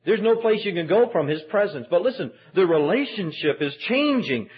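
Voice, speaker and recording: A man's voice: sits high, lively intonation, normal speed. A man preaching a sermon as pastor, telling the story with emphatic, dramatic delivery. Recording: dull lo-fi sermon recording.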